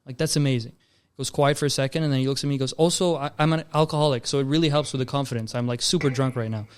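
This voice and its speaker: A man's voice: medium pitch, steady tone, very fast, clear, resonant tone. A young man from Canada, a filmmaker guest, telling a long story in a casual chat, easygoing and calling people bro and dude. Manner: laid-back, calls people bro and dude.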